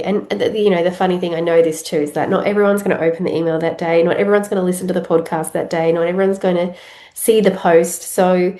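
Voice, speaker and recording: Australian woman host, blocked-up cold voice, lowish pitch, chatty and rambling, echoey room. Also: mellow. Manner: rambling, many fillers and restarts. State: congested with a head cold. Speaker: podcast host. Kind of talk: casual solo podcast chat.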